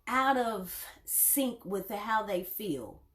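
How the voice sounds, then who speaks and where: A woman hosting a radio talk show gives casual wellness advice like a coach. She keeps checking in with her listeners by asking "all right?". Her voice sits in a middle pitch and carries a roomy echo. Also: lively intonation, very slow, a bit bright. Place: home, just woken up.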